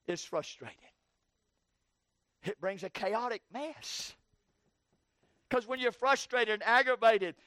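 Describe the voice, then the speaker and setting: A man with a very high voice preaches an evening sermon, hammering phrases in call-and-response rhythm. He drops to near-whispers and then climbs to shouted peaks. The sound is dry and close. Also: no echo. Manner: swings from hushed low phrases to shouted peaks.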